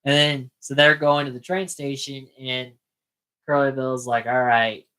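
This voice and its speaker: A man's voice: medium pitch, steady tone, unhurried, pushed and bright, poor audio. A man co-hosting a casual podcast, walking through a film's plot in a laid-back way and quoting its lines. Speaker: podcast co-host. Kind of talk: casual chat recapping a film.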